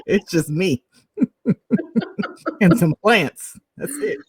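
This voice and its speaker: A woman co-hosting a podcast, telling stories in an animated way and laughing often. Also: on the low side, very slow, slightly rough, no room sound. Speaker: podcast co-host. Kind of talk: casual chat.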